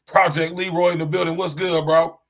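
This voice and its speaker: A man hosting his own podcast, talking loud and casual in a slangy style, coughing now and then and saying "man" at the end of nearly every line. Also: a little high, level tone, normal speed. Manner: loud, slangy, repeats "man" and "you know what I'm saying". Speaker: podcast host.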